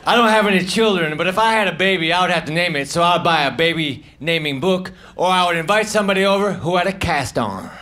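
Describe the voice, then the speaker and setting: A man performing live stand-up comedy, delivering deadpan one-liners with mumbled self-deprecating asides. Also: high voice, fast talker, hardly any pauses. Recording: noisy live club recording with audience laughter.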